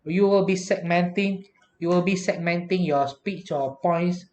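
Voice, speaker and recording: Male lecturer, slightly high voice, echoey room, patient filler-heavy delivery. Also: measured pace, darkish tone, highs cut off, a little hiss or hum. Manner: frequent "all right" fillers, patient explaining. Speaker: university lecturer. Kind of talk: recorded English lecture.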